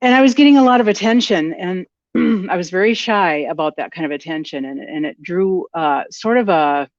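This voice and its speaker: A woman's voice: on the low side, moderate pace, dry recording. A woman with a Minnesotan accent chats as a podcast guest, friendly and easygoing, often restarting her sentences. Her voice comes through dry and a little dull, the way remote interview audio often does. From Minnesota, USA. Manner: friendly, chatty, with frequent fillers and restarts. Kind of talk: casual interview chat.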